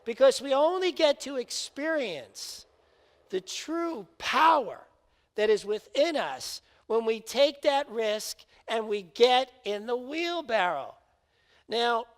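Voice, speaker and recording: A man giving a sermon as a spiritual minister, telling a story and speaking emphatically, in a reverberant hall. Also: very high voice.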